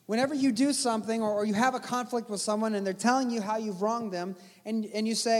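A man with a high speaking voice preaches an earnest sermon, driving his points home through repetition. His words ring out with a long reverb, as in a large hall. He sounds like a pastor exhorting his congregation. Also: moderate pace, few pauses. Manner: earnest, exhorting with repeated phrases.

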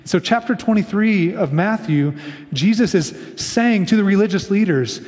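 Fairly high-voiced man preaching in a hall. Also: lively intonation, normal speed, a little mellow. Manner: casual storytelling preacher, acts out quotes. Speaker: pastor. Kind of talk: sermon.

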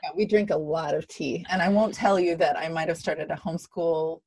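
A woman hosting a podcast, chatty and enthusiastic, with a husky voice. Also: sits low, steady tone, brisk, a little mellow, no room sound. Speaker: podcast host. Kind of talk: podcast interview.

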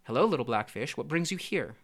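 A man voicing a gentle, wise moon in a storybook reading, speaking calmly. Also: medium pitch, quick pace.

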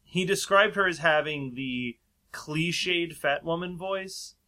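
A man's voice: fairly high pitch, slow pace, sharp tone. A man casually telling a long story in a chat, rambling and laughing often. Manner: rambling, laughs often, acts out quoted voices.

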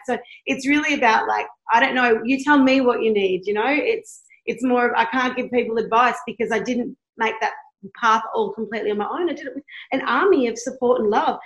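A woman in her thirties talks fast and passionately, blunt and unfiltered, with the odd swear word. Her voice sits a little high and rings in an echoey room. Candid podcast chat. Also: fairly bright tone. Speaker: guest, blogger who tours.

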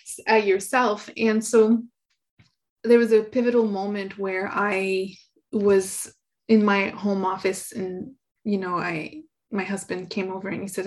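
A middle-aged woman, an author being interviewed, speaking in an earnest, soft, reflective way and laughing often. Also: mid-range voice, little pitch movement, normal speed. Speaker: guest, author.

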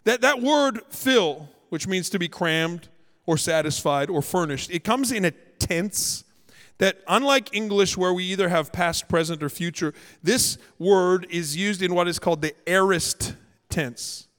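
A Canadian-born male pastor preaching with humour and emphatic storytelling. His voice sits fairly high, and it rings out with a long reverb in a large hall. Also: a little slow, fairly bright tone. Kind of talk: sermon. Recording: echoey hall.

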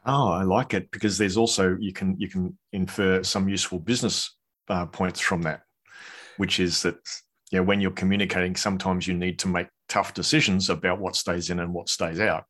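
Male co-host, husky and low, dry and teasing. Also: flat delivery, a little fast, fairly bright tone. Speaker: podcast co-host. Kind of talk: casual chat.

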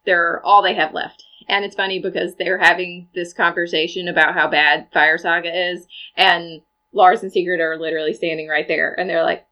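A woman co-hosting a casual podcast, retelling a film's plot in a chatty, animated way with side comments. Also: on the low side, moderate pace, poor audio. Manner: chatty, animated storytelling with asides. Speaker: podcast co-host recapping a film. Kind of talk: casual chat.

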